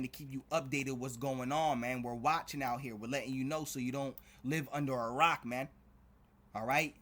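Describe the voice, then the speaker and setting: A man with a husky, slightly rough voice preaches fervently to his viewers. He punctuates nearly every phrase with "all right?" and "man". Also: medium pitch, a bit bright. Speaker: street preacher. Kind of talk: preaching to a video audience.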